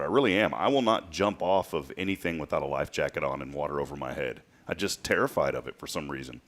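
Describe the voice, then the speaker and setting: A man in his late thirties hosting a show, telling stories in a casual, chatty way and laughing often. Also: deep voice. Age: late 30s. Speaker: podcast host. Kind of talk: casual chat.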